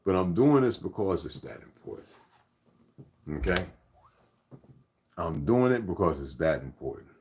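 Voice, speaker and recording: Low-voiced man rambling to his viewers. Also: big pitch swings, measured pace, long pauses, a little mellow, slightly rough. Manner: loose, rambling, talks to his viewers as "y'all". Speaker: channel host. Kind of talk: casual vlog talk to viewers.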